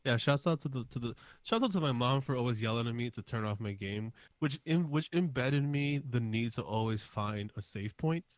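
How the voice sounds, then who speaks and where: A man's voice: medium pitch, animated, moderate pace, hardly any pauses, no echo. Male co-host, congested and sore-throated, playful and self-mocking, dry close sound. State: stuffy nose and sore throat. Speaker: podcast co-host. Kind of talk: casual podcast chat.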